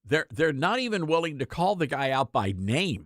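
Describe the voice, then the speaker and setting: Brief: male talk host, opinionated commentary, repeats for emphasis, fairly high voice. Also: big pitch swings, moderate pace, few pauses, fairly bright tone, no echo, clean studio sound. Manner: emphatic, repeats lines for effect.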